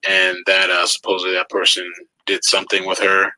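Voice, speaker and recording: Hesitant man with a sharp, dry voice. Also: sits low, completely flat delivery, a little fast, no echo, poor audio. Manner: hesitant, hedging. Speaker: livestream co-host. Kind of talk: casual livestream chat.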